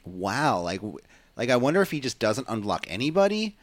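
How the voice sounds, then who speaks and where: A man's voice: medium pitch, brisk, no echo. A man co-hosting a wrestling podcast, talking in a casual, rambling way with lots of fillers. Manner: animated, rambling, many fillers. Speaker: podcast co-host.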